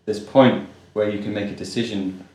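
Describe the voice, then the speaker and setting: Soft-spoken male host, deep voice, very roomy echo. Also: fairly even intonation, normal speed. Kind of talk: casual conversation. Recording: very echoey room.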